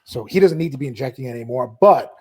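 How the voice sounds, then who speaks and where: A man's voice: medium pitch, lively intonation, fast talker, dark tone, husky. A man co-hosting a podcast as a coach, chatting casually and asking follow-up questions. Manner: conversational, asks follow-up questions. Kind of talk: casual chat.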